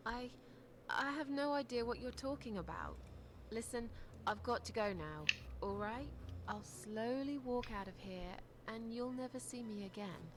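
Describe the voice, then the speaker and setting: A woman's voice: a little high, expressive, a little slow, noisy background. An actress playing a troubled widow who talks a threatening man down, carefully and placatingly, in a game. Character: troubled widow, wary, pleading calm.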